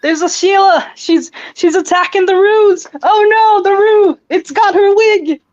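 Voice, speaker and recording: A woman's voice: extremely high pitch, unhurried, muffled recording, pitched above the performer's own voice. Woman doing a frantic Aussie bloke. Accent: put-on Australian. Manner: loud, frantic shouting.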